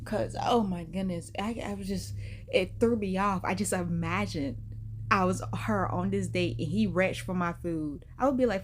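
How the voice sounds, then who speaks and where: A woman's voice: on the low side, moderate pace. A woman, giving sassy, emphatic commentary as she hosts a reaction video. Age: 30s. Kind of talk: casual animated commentary.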